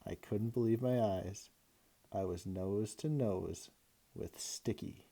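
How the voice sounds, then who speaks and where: Male teacher, low and very mellow voice, expressive read-aloud of a kids' chapter book. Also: slow, creaky. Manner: expressive storytelling.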